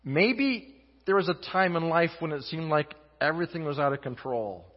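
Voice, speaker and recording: A male guest pastor preaching a sermon in an earnest, halting way, with many restarts and swings between loud and soft. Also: fairly high pitch, animated. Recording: muffled sound in a reverberant hall.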